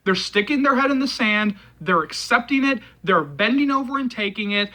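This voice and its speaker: A hoarse man delivers a heated vlog rant to camera, repeating his points and swearing freely. His voice is forceful and tense, with a bright, pushing edge. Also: sits high, lively intonation, moderate pace, rough recording. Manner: heated, repetitive, profane ranting. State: hoarse from yelling. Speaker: movie channel host.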